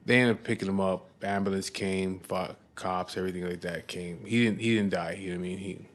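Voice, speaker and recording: A man's voice: deep voice, steady tone. A man telling a story in a casual, blunt way, full of swearing, stumbling and repeating himself as he goes. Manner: blunt and heavily profane; halting restarts and repeated words. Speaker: storyteller recounting his past.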